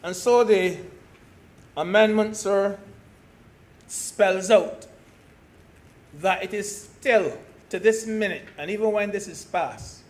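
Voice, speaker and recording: A man from Barbados giving a parliamentary speech as a senator, slow and deliberate, stressing key words. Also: high-pitched. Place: senate chamber.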